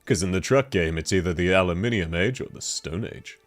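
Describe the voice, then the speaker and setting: A man's voice: brisk, lightly acted. Give me a man doing a pushy truck-ad announcer with a cold. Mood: hard-selling. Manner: over-the-top sales pitch. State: sick with a cold. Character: male truck commercial announcer, hard-selling.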